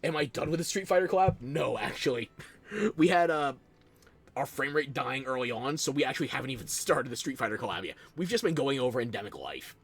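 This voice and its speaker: A man's voice: medium pitch, expressive, brisk, creaky, breathy edge. A man chatting casually with viewers while streaming a game, playful and self-deprecating, talking into a close desk microphone. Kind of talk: casual live-stream chat while playing.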